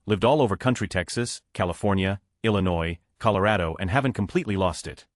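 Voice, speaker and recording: A man's voice: deep voice, fast, dry recording, clean studio sound. A man reading numbered online stories aloud as scripted narration. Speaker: narrator of reader posts.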